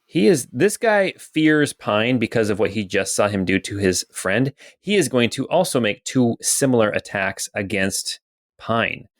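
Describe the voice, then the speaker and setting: A man narrating as dungeon master in a calm, methodical way, filling pauses with "okay" and "um.". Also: lowish voice, dry recording, studio quality. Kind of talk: narrating a tabletop game.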